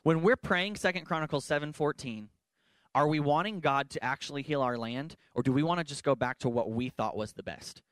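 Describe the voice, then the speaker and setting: A man's voice: on the high side, fairly quick, fairly bright tone, clear, resonant tone, no room sound, studio quality. A man, a pastor, giving an earnest and emphatic sermon-style talk in a church worship center, with playful asides.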